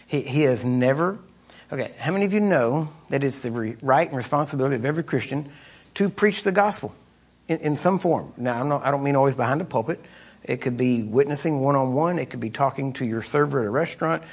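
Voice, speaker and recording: A middle-aged man gives a casual teaching sermon, talking straight to the congregation and checking in with "right?" again and again. His voice is a little husky, and he pauses now and then to clear his throat. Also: mid-range voice. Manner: conversational, repeats "right?", clears throat often. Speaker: preacher teaching on deliverance.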